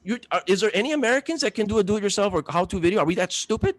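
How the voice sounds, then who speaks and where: Fast animated guy cohosting a podcast, jokey, lots of ups and downs in his voice. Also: high voice, no room sound. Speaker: podcast co-host. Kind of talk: casual chat.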